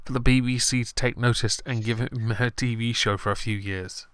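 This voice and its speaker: Sardonic man, crisp dry voice. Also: medium pitch, fairly even intonation, normal speed, a bit bright, no echo. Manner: joking, sardonic, swears casually. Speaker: stream host. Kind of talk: casual chat.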